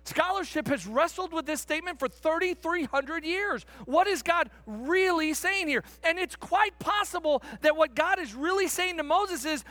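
A man's voice: very high voice, expressive, moderate pace, few pauses, pushed and bright, no echo. A man preaching a sermon in an earnest way, stretching words for emphasis.

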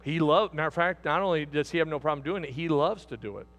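A middle-aged pastor preaches a sermon in a folksy, repetitive style, dropping to soft asides and rising to loud exhortation. His pitch is fairly high and his pace quick.

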